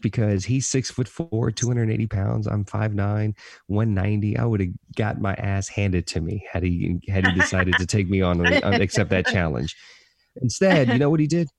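A man's voice: lowish voice, gravelly, a little mellow, no echo. A man speaking earnestly on a podcast, telling a personal story with emphatic repetition of key phrases. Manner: self-described positive motivational talker.

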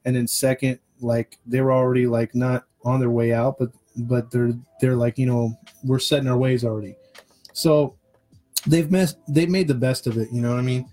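A man's voice: medium pitch, steady tone, moderate pace, warm tone, faint music behind, poor audio. A man co-hosting a podcast in casual chat, talking in a rambling way with many restarts and fillers. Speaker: podcast co-host.

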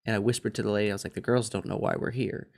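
A man in his thirties co-hosting a podcast, telling a story in a lively, chatty way and mimicking other people's voices. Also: fairly low pitch, rapid-fire, vocal fry. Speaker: podcast co-host. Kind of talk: casual chat.

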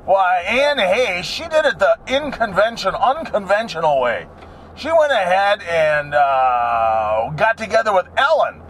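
A man's voice: high voice, very animated, measured pace, fairly bright tone. A middle-aged man rambling and cracking crude jokes as he talks to the camera while driving his car. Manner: joking, crude, wanders off topic. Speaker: vlogger. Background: faint road noise.

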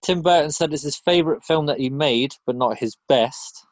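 Man, podcast co-host, deadpan jokes, dry close recording. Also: a little high, normal speed, no echo. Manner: dry, joking asides. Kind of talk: casual chat.

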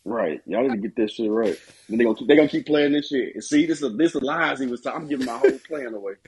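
A man's voice: mid-range voice, quick pace, a little mellow, slight background noise, poor audio. A man co-hosting a casual podcast, riffing crude jokes and laughing at his own bits. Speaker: podcast co-host. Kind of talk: casual chat.

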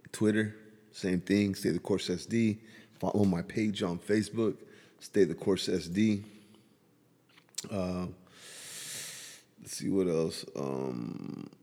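Low husky man, rambling podcast host. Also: darkish tone, long reverb tail. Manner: laughs often, rambling storytelling. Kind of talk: casual chat.

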